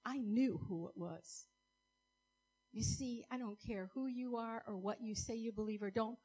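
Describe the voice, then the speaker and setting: A woman's voice: on the high side, measured pace, dark tone, husky, poor audio. Earnest woman giving church testimony. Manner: earnest, emotional storytelling with direct questions to the congregation. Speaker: testimony speaker.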